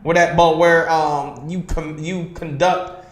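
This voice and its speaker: A man with a notably high voice leads a streamed religious class in a forceful preaching style. He drives each point home and keeps asking his listeners if they understand. His voice rings around an echoey room. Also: steady tone, slow pace. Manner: emphatic, constantly asks "you understand?" and says "man". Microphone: livestream computer mic.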